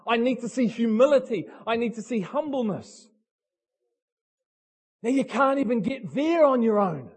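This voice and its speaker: A man's voice: very high-pitched, animated, moderate pace, pauses often, slightly rough. A man preaching a passionate sermon, talking bluntly and asking the congregation direct questions. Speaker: pastor.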